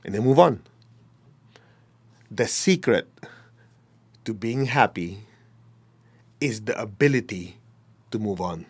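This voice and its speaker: A man's voice: fairly low pitch, lively intonation, slow pace, pauses often, a little mellow, slightly rough. Blunt, emphatic male spiritual teacher. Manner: blunt, emphatic, acts out quoted people. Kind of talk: dharma talk.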